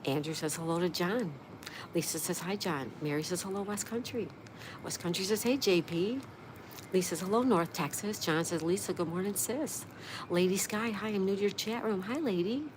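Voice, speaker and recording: A woman's voice: fairly low pitch, moderate pace, background noise. A woman hosting a casual livestream, reading viewers' comments aloud in a chatty, friendly manner. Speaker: livestream host reading chat.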